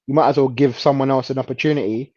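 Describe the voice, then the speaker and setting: A man chatting casually about football as a co-host, relaxed and hesitant, often laughing. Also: mid-range voice, fast talker, dry recording, highs cut off.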